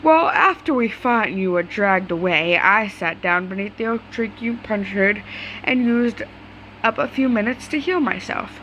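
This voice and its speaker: Cheerful bossy young prince guy, read by a woman, storybook read-aloud, mid-pitched voice. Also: lively intonation, normal speed, fairly bright tone, dull audio, a little hiss or hum, close to an everyday voice.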